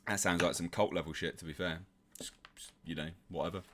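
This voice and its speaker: A man's voice: deep voice, fairly even intonation, a little fast. A man, hosting and reading a comic aloud with sarcastic, profane commentary. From England. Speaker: host.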